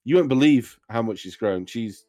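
A flustered, cheerful farmer father of middle age, tripping over his words as he fusses over guests, as a man puts him on. His pitch sits in the ordinary middle range. Soft music plays beneath the tabletop game. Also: animated, normal speed, lightly acted. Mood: gushing. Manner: rambling, stammering, fussy.

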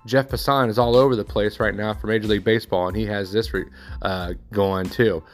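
Casting note: thirty-something man, relaxed sports recap host, rambling and offhand, faint music behind. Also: lowish voice, a little fast. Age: 30s. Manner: offhand, rambling score rundown with personal asides.

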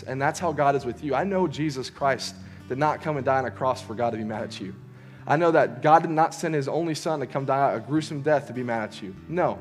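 Young man, relaxed sermon storytelling, chatty and halting, mid-range voice, faint music behind. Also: mid-range voice. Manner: conversational, lots of fillers and restarts, voices characters in quotes. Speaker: youth preacher.

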